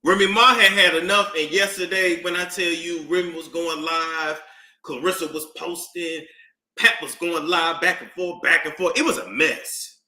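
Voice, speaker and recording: A man with a New York accent giving casual gossip commentary, animated and drawn out, often repeating himself. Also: fairly high pitch, a little slow. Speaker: commentary streamer. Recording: echoey room.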